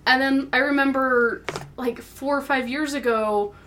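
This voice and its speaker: A woman's voice: high-pitched, fairly even intonation, a bit bright, slight background noise. A woman hosting a podcast, telling stories in a chatty, bubbly way. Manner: chatty storytelling, fast and bubbly. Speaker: podcast host. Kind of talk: casual chat.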